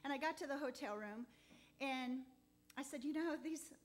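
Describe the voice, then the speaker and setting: A woman giving a heartfelt, halting testimony in church, close to tears at times. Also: sits high. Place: church sanctuary.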